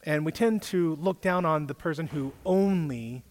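Higher-voiced man preaching casually in a hall. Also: moderate pace. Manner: conversational, quizzes the audience. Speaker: youth pastor.

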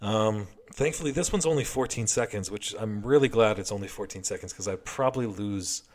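A man's voice: lowish voice, a little fast. A man giving a heated, heavily profane and sarcastic political commentary rant.

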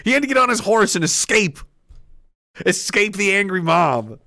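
Male vlogger, rambling and profane, lively and bright, dry close mic. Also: high voice, moderate pace, no room sound. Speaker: commentator. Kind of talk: political commentary vlog.

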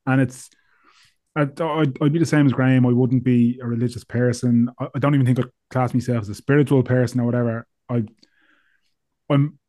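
A man's voice: mid-range voice, steady tone, a little fast, dark tone. A man hosting a podcast, who thinks aloud in a reflective way and often stops and restarts his sentences. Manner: reflective, hesitant, with many restarts. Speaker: podcast host. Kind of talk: conversational interview.

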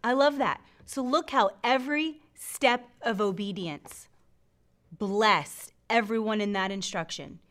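A woman's voice: medium pitch, measured pace, a bit bright. A middle-aged woman hosting a faith show, teaching from the Bible with lots of laughter and acted-out voices. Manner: laughs often, acts out scripture voices. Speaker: faith podcast host.

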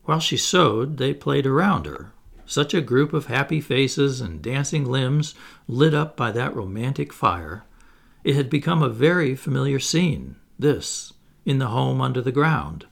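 A man narrating a classic children's novel as an audiobook, in an expressive storytelling manner. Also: medium pitch, measured pace, gravelly.

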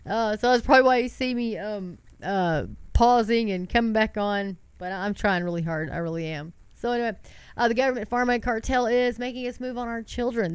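A woman's voice: on the high side, brisk, clear, resonant tone, no echo. A middle-aged woman hosting an online commentary show, congested from a sinus cold, reading news aloud with preachy fervor and asking her viewers rhetorical questions.

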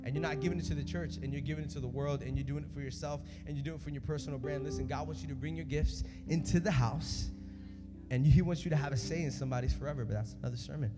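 A young man preaching at a church service, telling stories in an energetic, conversational way. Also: fairly high pitch, fast. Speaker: youth preacher. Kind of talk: sermon. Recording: echoey hall with music behind.

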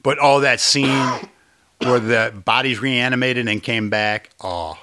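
A man's voice: medium pitch, steady tone, takes it slowly, sharp tone. A man co-hosting a casual movie review chat, emphatic and profane as he agrees and adds his own reactions. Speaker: podcast co-host.

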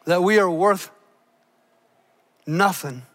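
A man delivers a dramatic sermon in a very high, bright and forceful voice. He drops into soft, hushed stretches, then climbs back to loud, shouted peaks. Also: slow. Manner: dramatic preaching, swinging between soft hushed lows and loud shouted highs. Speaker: pastor.

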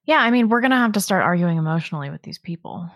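A woman with a low voice co-hosts a casual talk show and speaks bluntly, with caustic remarks. The sound is dry and close. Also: expressive, very fast, fairly bright tone, dry recording. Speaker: podcast co-host. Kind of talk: casual political chat.

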